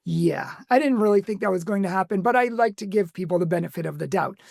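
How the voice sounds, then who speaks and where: A man's voice: high-pitched, expressive, fast talker, gravelly, hardly any pauses, a little mellow, no echo, studio quality. A man from a Catholic ministry casually recounting a phone call, with small laughs and quoted lines. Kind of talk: casual storytelling to camera.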